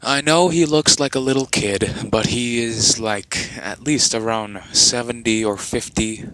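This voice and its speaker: A man's voice: medium pitch, unhurried, sharp tone, a little hiss or hum, rough recording. A man narrating an improvised fan story in a rambling way, with many fillers and restarts.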